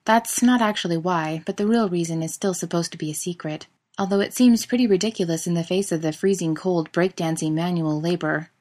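A woman narrating fiction in a steady, expressive reading voice. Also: on the low side, fairly quick.

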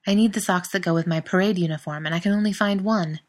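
A sleepy middle-aged lord regent, coaxing and a little irritated, talking low, as a woman reading a story puts him on. The voice sits fairly low and stays unhurried. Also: darkish tone, close to an everyday voice. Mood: matter-of-fact.

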